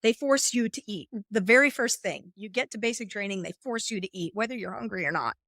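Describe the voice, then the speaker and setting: Her mid-range voice runs a little fast and has a fairly bright tone. She's a coach on a podcast, explaining ideas with expression and performing inner voices, and the studio-quality audio has no room sound.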